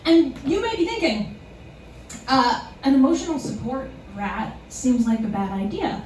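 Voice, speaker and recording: High, lively woman doing stand-up. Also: unhurried. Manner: self-deprecating, chuckles through punchlines. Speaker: stand-up comedian. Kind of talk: live stand-up set. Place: small comedy club theater, live audience. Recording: echoey club room, distant, noisy.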